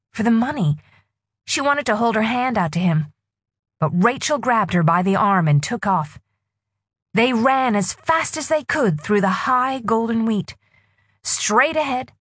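A woman narrating a novel in a husky voice with expressive storytelling. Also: a little high, dry recording, clean studio sound. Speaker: audiobook narrator. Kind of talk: scripted narration.

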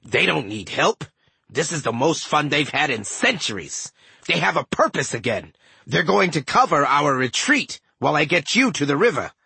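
Gruff, teasing male dwarf god, a low growl and blunt talk, husky and dry, voiced by a male audiobook narrator. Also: sing-song, moderate pace, bright, forceful tone, dry recording, heavily acted.

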